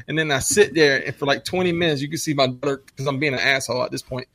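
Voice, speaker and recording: A man in his thirties telling stories in casual chat, animated and swearing a lot, acting out quoted lines. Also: medium pitch, quick pace, few pauses, no room sound.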